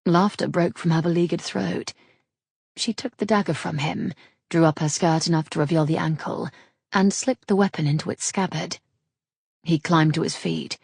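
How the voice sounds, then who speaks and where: A woman narrating a romance audiobook in an intimate, husky reading. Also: sits low, normal speed, darkish tone, no room sound, clean studio sound.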